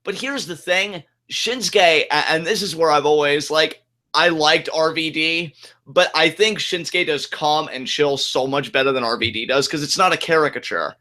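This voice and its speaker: A man co-hosting a podcast, talking loose and excitable and tossing in "like" and "dude" all the time. His voice sits a bit high and sounds strikingly bright and forceful. It is casual back-and-forth chat. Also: normal speed. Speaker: podcast co-host.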